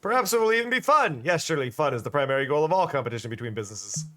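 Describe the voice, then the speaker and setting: A man voicing a calm, idle shopkeeper with a deadpan, stiffly formal delivery. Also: fairly high pitch, very fast.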